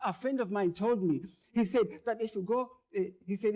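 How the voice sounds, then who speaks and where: A man's voice: high voice, normal speed, hardly any pauses. Earnest man telling his own story. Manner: earnest, repeats words and phrases, grows louder as tension builds. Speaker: monologue performer. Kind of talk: performed first-person storytelling.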